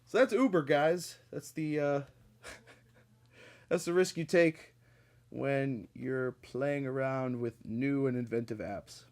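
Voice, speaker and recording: A man hosts a podcast and spins long personal stories in a casual, meandering way. He swears freely and leans on plenty of ums and uhs. His voice sits at an ordinary middle pitch. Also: slow, a little mellow. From Connecticut. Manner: profane, rambling, with frequent fillers and laughs. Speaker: podcast host. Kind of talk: casual storytelling monologue.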